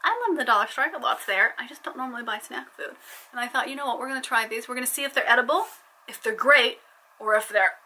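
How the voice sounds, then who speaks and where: Bright, playful woman vlogging. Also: on the high side, brisk, a little hiss or hum, poor audio. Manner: playful, chatty, joking. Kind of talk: casual vlog chat.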